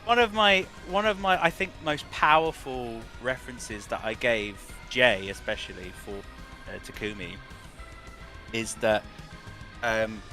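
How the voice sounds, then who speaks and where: A male voice director speaking in an interview, his tone bright and forceful. He gives long, winding answers and often restarts his sentences. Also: mid-range voice, unhurried, faint music behind.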